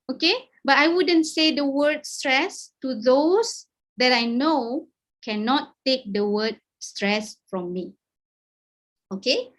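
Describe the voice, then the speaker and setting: Malaysian woman speaker, high voice, encouraging webinar lecturer, code-switches, video call. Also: slow pace, fairly bright tone. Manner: encouraging, mixes English and Malay, frequent "okay?". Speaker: guest speaker. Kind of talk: webinar talk.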